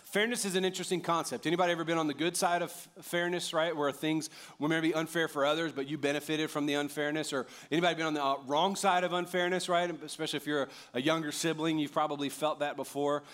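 A pastor in his thirties preaching a sermon, animated and jokey, rising to loud emphatic peaks. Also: fairly high pitch, fast talker, hardly any pauses.

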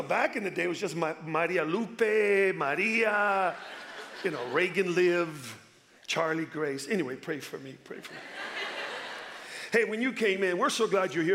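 A man in his fifties from Chicago, a guest pastor preaching in an energetic, playful way and calling on the congregation to answer back. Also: sits high. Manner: energetic, playful, calls for audience response. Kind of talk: sermon.

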